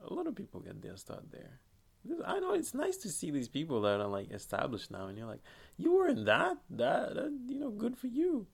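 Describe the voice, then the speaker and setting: A man's voice: medium pitch, creaky, a bit bright. A young man hosting a podcast, talking in a rambling, casual way with frequent laughs and restarts. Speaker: podcast host. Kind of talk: casual chat.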